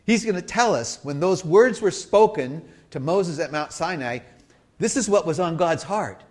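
A fairly high-pitched man delivering a sermon as a pastor. He teaches in a conversational way, checking in with his listeners, then punches key words loudly before dropping into soft, hushed asides. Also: expressive, moderate pace. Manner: emphatic, swings between loud stress and soft asides.

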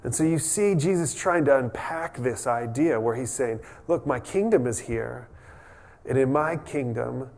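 Man, pastor, conversational sermon, mid-pitched voice, relaxed, chatty, joking asides, frequent restarts. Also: measured pace.

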